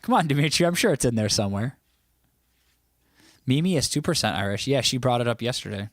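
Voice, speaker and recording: A man's voice: mid-range voice, animated, brisk, no echo. Host, male, casual stream chatter, dry close mic, slightly scratchy throat. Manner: loose, chatty, reacts to chat messages. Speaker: livestream host. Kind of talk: casual chat reading live comments.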